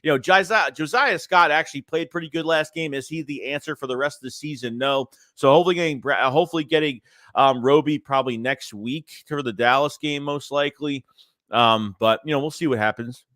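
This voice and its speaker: A man with a stuffy nose hosting a casual sports livestream, rambling and animated as he reads chat messages aloud. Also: on the high side, a little fast, no echo, clean studio sound. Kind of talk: casual live-chat commentary.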